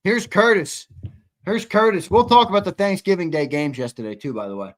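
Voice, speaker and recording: A man's voice: high voice, expressive, a little fast. A man hosting a live sports talk show, chatting casually and reading viewer comments aloud.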